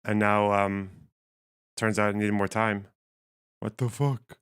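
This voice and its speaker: A man live-streaming casual commentary while reading chat, his voice strained and missing its lower range, swearing and laughing as he thinks aloud. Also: little pitch movement, slow, a bit bright, clean tone.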